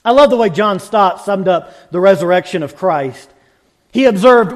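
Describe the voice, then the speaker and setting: High-voiced, rhythmic male preacher. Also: animated, normal speed. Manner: rhythmic, building parallel contrasts, emphatic. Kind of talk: sermon.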